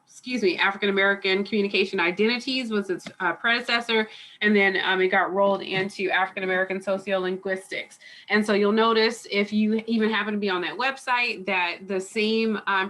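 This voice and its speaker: A woman's voice: medium pitch, bright, forceful tone. Chatty woman lecturing on a video call. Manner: chatty, digressive, many fillers. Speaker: college instructor. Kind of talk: online class review lecture. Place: home or office on a video call.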